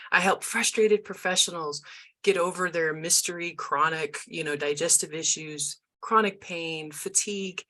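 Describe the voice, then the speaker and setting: A woman's voice: on the low side, moderate pace, pushed and bright. A woman hosting an interview show, effusive and chatty, often restarting her sentences. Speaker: podcast host. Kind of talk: casual interview.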